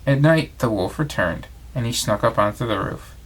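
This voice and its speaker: A father reading a bedtime storybook to his child, his voice rising and falling with a lively, sing-song intonation. His pitch sits mid-range, and he reads in a warm storytelling way. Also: normal speed. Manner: expressive read-aloud voice.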